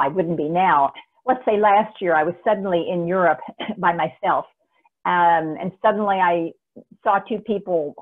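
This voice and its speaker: A woman speaker giving an energetic, emphatic webinar talk on communication, recorded on a laptop mic. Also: on the low side. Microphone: laptop camera mic. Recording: tinny phone-like webinar audio.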